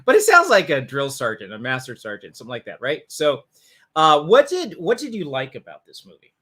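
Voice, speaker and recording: Animated, bright-voiced man hosting a film chat. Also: fairly high pitch, a little fast, husky. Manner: animated, joking, restarts often. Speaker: podcast host reviewing a film. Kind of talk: casual movie review chat.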